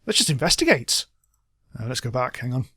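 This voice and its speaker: A man's voice: medium pitch, big pitch swings, a little fast, pushed and bright, husky, dry recording, clean studio sound. A man giving casual, chatty gameplay commentary, reading game text aloud and laughing often. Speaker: let's play host.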